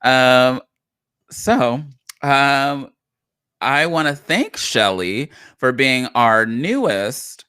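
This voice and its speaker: A man's voice: mid-range voice, animated, drawn-out words, pushed and bright, clear, resonant tone, dry recording, clean studio sound. A man co-hosting a casual live-stream chat show, rambling and chatty with lots of fillers and self-corrections. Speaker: co-host.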